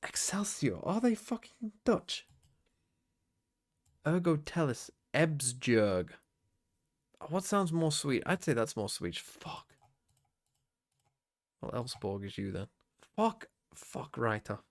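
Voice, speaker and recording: A man with a gravelly, slow drawl talks himself through a guessing game, swearing often. His pitch swings widely from word to word. The speech is casual and unscripted. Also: very animated. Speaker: streamer. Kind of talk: casual muttering while playing a quiz game.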